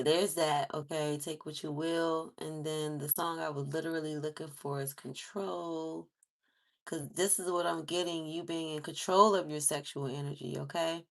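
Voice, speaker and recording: A woman vlogger in casual chat, animated and exclaiming, laughing often as she talks. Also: low voice, vocal fry. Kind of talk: casual chat with read-aloud lyrics.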